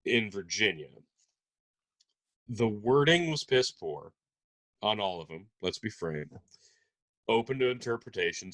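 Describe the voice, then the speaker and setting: A man co-hosting a casual podcast, explaining his points in a measured way with the occasional curse. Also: deep voice, fairly bright tone. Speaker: podcast co-host. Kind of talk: casual political chat.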